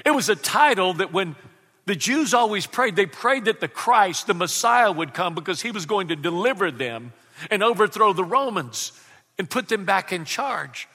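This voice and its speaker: A male pastor preaching a lively sermon and calling for responses from the congregation. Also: high-pitched, normal speed, husky, in a large hall.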